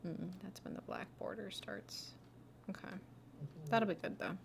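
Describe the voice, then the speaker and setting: Slow-talking giggly woman editing video. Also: mid-range voice, wildly swooping pitch, vocal fry, a little hiss or hum. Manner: giggly, self-deprecating, drops to a murmur while working. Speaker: video editor streaming her work. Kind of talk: casual chat while editing.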